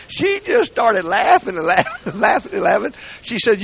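A man preaching a folksy, joking sermon in a church, swinging between quiet asides and shouting. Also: high voice, big pitch swings, unhurried, vocal fry, a little hiss or hum. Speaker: guest preacher. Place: church sanctuary.

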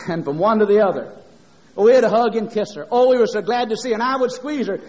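A man's voice: high voice, expressive, fast talker, a little mellow. A middle-aged man preaching a sermon, impassioned and rhythmic, mixing scripture with homespun stories. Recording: dull lo-fi sermon recording.

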